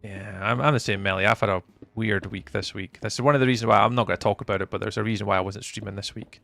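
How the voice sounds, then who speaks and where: A young man chatting casually with viewers while live streaming, playful and often trailing off into a softer voice. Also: on the low side, steady tone, fast talker, vocal fry.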